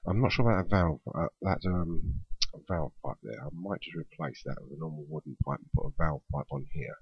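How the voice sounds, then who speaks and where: A man's voice: rumbling low, brisk, gravelly, husky, no echo, lo-fi sound. A man hosting a let's play, chatting casually and thinking aloud as he builds in a game.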